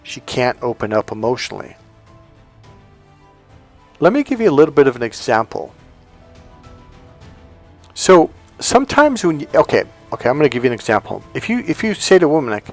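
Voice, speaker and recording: A man's voice: medium pitch, very animated, fairly quick, pauses often, soft background music. Emphatic man coaching on dating. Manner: emphatic, repetitive, acts out examples. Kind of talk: casual monologue to camera.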